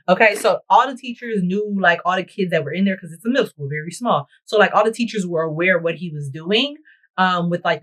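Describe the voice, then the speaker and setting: A woman's voice: fairly low pitch, low-quality recording. Dramatic young woman telling a storytime. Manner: dramatic, animated, talks straight to viewers. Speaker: beauty vlogger. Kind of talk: storytime chat while getting ready. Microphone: camera mic while doing her makeup.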